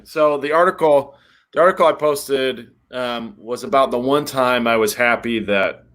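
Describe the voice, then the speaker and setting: A relaxed man chatting on a podcast, recounting a small story in an easygoing way. His voice sits at an ordinary pitch for a man. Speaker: podcast co-host and writer. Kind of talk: casual chat.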